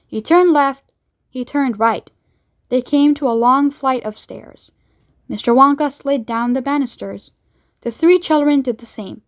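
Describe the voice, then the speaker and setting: A woman narrating a children's novel aloud in a lively, expressive read-along voice. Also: high-pitched, a little slow. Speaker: storybook reader.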